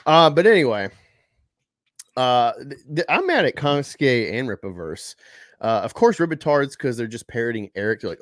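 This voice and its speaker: A man's voice: on the low side, lively intonation, normal speed, no room sound, studio quality. A man hosting a casual live stream about comic books. He rambles, swears freely and talks with sarcasm. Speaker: host. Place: home room at a table.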